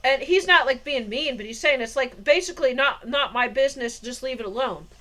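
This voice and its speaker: A woman vlogger spins a long, meandering story in a casual monologue, laughing often as she rambles. Her voice is high, bright and forceful, and she talks fairly quickly.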